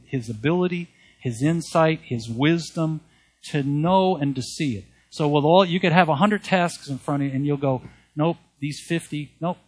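A man's voice: mid-range voice, breathy edge. A man preaching a sermon, speaking earnestly, repeating key phrases and reading Bible verses aloud. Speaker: pastor.

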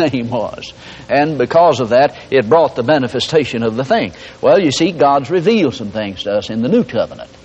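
A man's voice: medium pitch, a little mellow, a little hiss or hum. A man preaching a folksy, humorous sermon, repeating his points and acting out everyday examples, on a dull lo-fi recording. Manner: folksy and humorous, with lots of repetition.

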